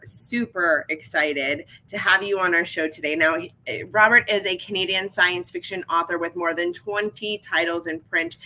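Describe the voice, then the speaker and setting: A woman's voice: on the low side, bright, forceful tone, poor audio. A woman co-hosting a podcast, introducing a guest with enthusiasm and repeated words. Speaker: co-host. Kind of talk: podcast interview.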